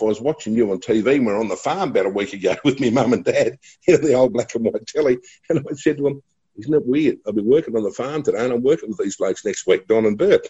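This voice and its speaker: Husky, dark-voiced Australian man telling stories. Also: mid-range voice, muffled recording. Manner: chatty, laughing anecdotes. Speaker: radio broadcaster guest. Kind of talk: casual storytelling.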